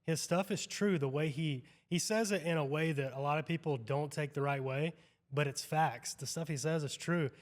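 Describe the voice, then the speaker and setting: A man's voice: a little high, moderate pace. A man hosting a podcast, agreeable and casual, saying "yeah" and "dude" a lot. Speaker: podcast host.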